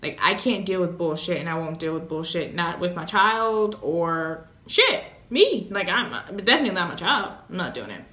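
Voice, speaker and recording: A woman's voice: fairly low pitch, sing-song, moderate pace, hardly any pauses, bright, forceful tone. Blunt, profane young woman vlogging in an echoey room. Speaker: vlogger, new mother. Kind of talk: candid casual vlog talk.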